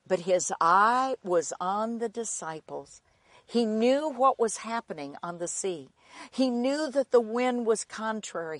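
Slow, dramatic woman preacher. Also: fairly high pitch, no echo. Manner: dramatic, swinging from loud emphasis to near-whispers. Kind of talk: sermon.

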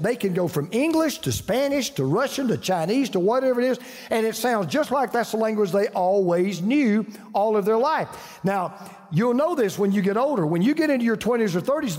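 A man's voice: very high voice, darkish tone, in a large hall. An older man with a Southern US accent, preaching a folksy sermon full of stories and restarts. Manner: folksy, storytelling, frequent restarts. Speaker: pastor.

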